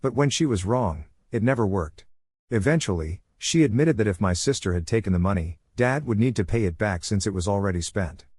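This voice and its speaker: A man giving a steady, scripted narration of a story. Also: on the low side, brisk, husky, no room sound, studio quality.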